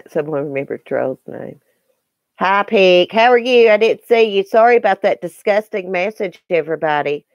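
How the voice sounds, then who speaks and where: A woman's voice: fairly low pitch, expressive, normal speed, no room sound, highs cut off. A Southern woman hosting a casual livestream, chatting folksily with viewers by name and reading the chat. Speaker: YouTube livestream host.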